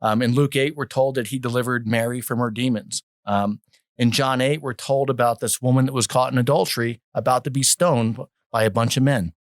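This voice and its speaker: A man hosting a podcast, talking in a measured, teaching way and citing scripture. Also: mid-range voice, fairly even intonation, dry recording, studio quality. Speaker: podcast host. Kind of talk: podcast conversation with scripture references.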